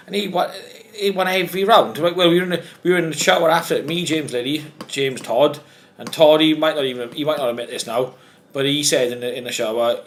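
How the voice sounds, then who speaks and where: A man, a former boxer, chatting casually on a podcast, rambling and swearing with frequent restarts. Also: mid-range voice. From Wales. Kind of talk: casual chat.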